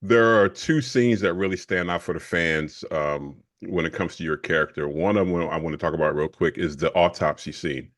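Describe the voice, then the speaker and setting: A man's voice: sits low, normal speed, hardly any pauses. A man interviewing an actor, asking short, friendly questions. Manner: brief friendly questions and reactions.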